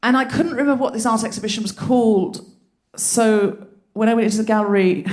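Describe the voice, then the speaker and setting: On a theatre stage, a woman hosts a live comedy podcast, trading stand-up style banter and telling stories full of laughter. Her delivery is animated and brisk, in a voice that leans high.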